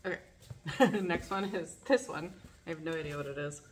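A woman's voice: low-pitched, fairly quick. A woman chatting casually while unboxing, gushing with breathless exclamations and laughter. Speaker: vlogger. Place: living in a garage.

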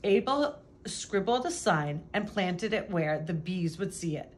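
A woman reading a children's picture book aloud in a lively, expressive way. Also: lowish voice, unhurried, slight background noise. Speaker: storybook reader.

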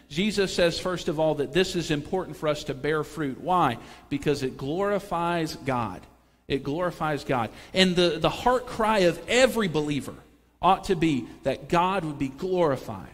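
A man preaching a sermon in a church, his fairly high voice ringing out with a long hall reverb. He keeps it conversational, with joking asides and questions tossed to the pews. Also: fairly bright tone. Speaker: pastor. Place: church sanctuary.

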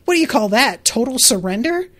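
A woman's voice: fairly high pitch, very animated, brisk, fairly bright tone. A woman reading aloud as a wounded, defensive young male officer who speaks indignantly.

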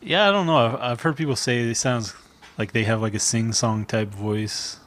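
A man co-hosting a comedy podcast, relaying a news story in relaxed talk with chuckles. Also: medium pitch, moderate pace. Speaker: podcast co-host. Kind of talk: casual comedy podcast chat.

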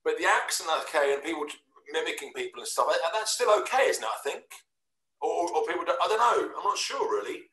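Quick, bright-voiced chatty man. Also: on the high side, lively intonation, reverberant. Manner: chatty, self-deprecating, many tag questions. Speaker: host. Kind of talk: casual chat.

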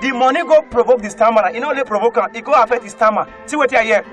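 A male comedian with a Nigerian Pidgin English accent, telling animated comic stories and often breaking into shouted put-on voices. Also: extremely high pitch, racing. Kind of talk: stand-up comedy storytelling. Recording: faint music behind.

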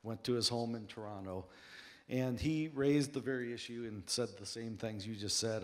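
A man's voice: mid-range voice, normal speed. A man speaking earnestly on a conference panel and telling personal anecdotes. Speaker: author and apologist on a panel. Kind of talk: panel discussion, storytelling.

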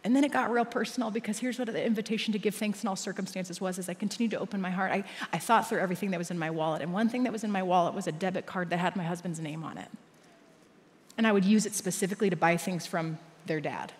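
A woman's voice: fairly low pitch, fast. A woman giving a sermon in a church, telling a personal story and laughing often. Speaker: church speaker. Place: church auditorium. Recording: long reverb of a large hall.

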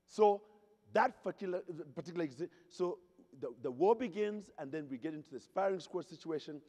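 In a reverberant convention hall inside a hotel ballroom, a keynote speaker from Zaire tells funny stories and jokingly asks the audience questions. His high voice is animated and a little mellow, moving at a fairly quick pace.

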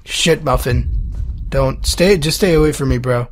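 A man's voice: medium pitch, normal speed. A young man with a cold, nervously commenting on a horror game, yelping and swearing at scares. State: sick, rough-sounding voice. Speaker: gaming YouTuber.

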